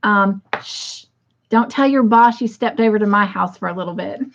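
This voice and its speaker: A woman's voice: mid-range voice, moderate pace, gravelly. A woman hosting a casual livestream, chatting with many fillers and greeting viewers by reading their comments aloud. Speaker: livestream host. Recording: muffled lo-fi livestream audio.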